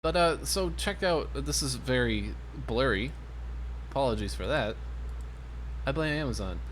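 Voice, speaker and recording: Man, sarcastic show reviewer, mid-pitched voice, casual commentary, faint hiss behind. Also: animated, unhurried. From Maine, US. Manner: sarcastic, mocking. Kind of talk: casual commentary over footage.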